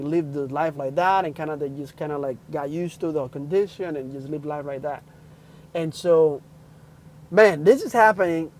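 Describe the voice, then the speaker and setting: A young man telling a personal story in a casual livestream, excitedly acting out the people in it. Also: on the high side, low-quality recording. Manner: excitable, acts out quotes loudly. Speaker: livestream host.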